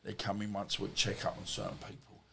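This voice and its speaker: A man's voice: lowish voice, monotone, fast talker, creaky, pushed and bright, a little hiss or hum. A middle-aged man, a podcast guest, telling stories in a rambling, blunt, colloquial way. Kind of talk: storytelling in conversation.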